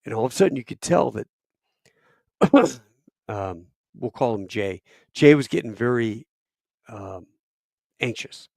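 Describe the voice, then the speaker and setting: 50s guy telling salty war stories, lively and crude, dry close mic. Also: medium pitch, a little slow, creaky, pauses often, dry recording. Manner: animated, profane storyteller. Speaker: podcast guest, retired Marine officer. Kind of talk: casual war storytelling.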